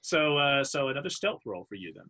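A man narrating as game master of a tabletop role-playing game, halting and restarting, with many fillers. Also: mid-range voice, big pitch swings, bright, forceful tone, poor audio. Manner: halting, full of fillers and restarts, laughs often.

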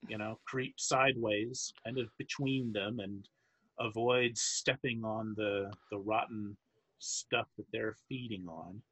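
A man narrating as game master of a tabletop role-playing game, halting and restarting, with many fillers. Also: fairly low pitch, steady tone, a bit bright, slightly rough, poor audio. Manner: halting, full of fillers and restarts, laughs often.

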